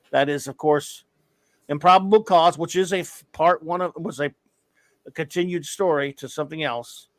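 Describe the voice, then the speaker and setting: Joking podcast host in a dry room. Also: male voice, fairly high pitch, no echo. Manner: joking, rambling, full of fillers. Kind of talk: casual chat, reading listener reviews.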